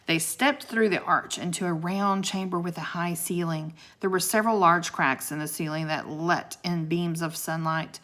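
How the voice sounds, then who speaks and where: A woman's voice: fairly low pitch, normal speed, hardly any pauses, fairly bright tone, a little hiss or hum. A woman reading a children's book aloud, with chatty asides to her listeners. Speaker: storybook reader.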